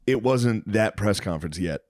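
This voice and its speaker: A man's voice: fairly low pitch, expressive, normal speed, darkish tone, no room sound. Laughing man riffing, dry close sound. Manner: laughs often, breaks into whispered impressions. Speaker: comedian podcast guest. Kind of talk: casual podcast chat.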